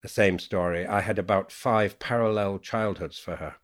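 Male poet guest, blended Yorkshire-Irish-American accent, lowish voice, reflective and meandering. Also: steady tone. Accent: mixed Yorkshire, Irish and Americanized English. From Yorkshire, England. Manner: unhurried, musing storyteller with many "you know"s. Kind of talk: reflective podcast conversation.

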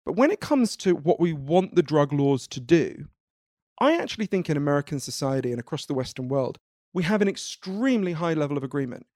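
A man from the United Kingdom talks as an interview guest, laying out ideas with animated energy. His voice sits fairly high for a man. The sound is close and dry, with no room around it. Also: no echo. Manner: animated, explanatory, laughs easily. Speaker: guest author. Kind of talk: conversational interview.

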